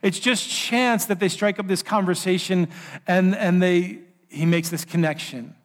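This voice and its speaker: High-voiced man telling a sermon story. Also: unhurried. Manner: animated storyteller, voices characters' lines. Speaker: preacher.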